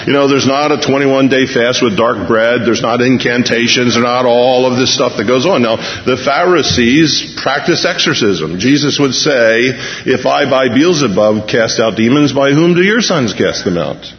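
A man's voice: medium pitch, moderate pace, hardly any pauses. A man preaching a sermon, telling the scene like a story and acting out the quoted voices. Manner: animated storyteller, acts out quotes, shifts pace. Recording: long hall reverb, dull lo-fi sound.

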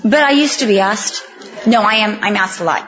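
A woman preaching to a women's group, telling stories with animated, self-mocking humor and acting out the voices of the people in them. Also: medium pitch, fairly quick. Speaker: women's ministry speaker. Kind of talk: humorous sermon storytelling. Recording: dull lo-fi recording.

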